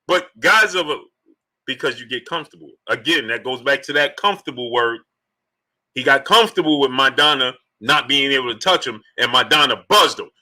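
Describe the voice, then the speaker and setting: A man's voice: mid-range voice, fairly quick. A man hosting a live-streamed sports talk show, arguing his points with emphatic repetition and greeting chat viewers by name. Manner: animated, rhetorical, repeats points emphatically.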